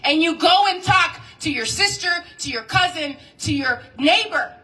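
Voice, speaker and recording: High bright woman at a rally. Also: expressive, unhurried, distant mic, low-quality recording. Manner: impassioned, leads call-and-response chants. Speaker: labor organizer speaking at a rally. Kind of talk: rally speech. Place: outdoor street rally.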